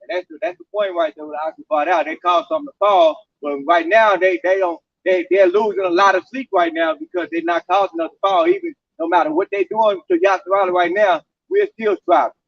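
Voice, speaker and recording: A man at an informal scripture discussion, speaking haltingly and reading verses aloud. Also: high-pitched, very animated, vocal fry, muffled recording. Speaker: camp speaker.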